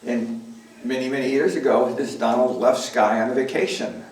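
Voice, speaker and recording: In a roomy library performance room, a male folk musician with a mid-range, slightly mellow voice and fairly even intonation chats at a moderate pace between songs. He jokes around and teases the crowd, and the distant-mic recording carries guitar playing plus a little hiss or hum.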